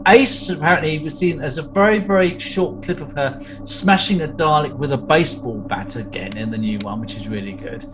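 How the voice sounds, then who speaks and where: A man's voice: fairly high pitch, brisk, hardly any pauses, rough recording. A man hosting a casual podcast chat, rambling through details with plenty of fillers. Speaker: podcast host. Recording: audible background noise.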